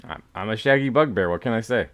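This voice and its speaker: Deep-voiced self-mocking male co-host. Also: lively intonation, fast talker, dry recording. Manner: self-deprecating, rambling, drops into soft mumbles. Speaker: podcast co-host. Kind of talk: casual podcast banter.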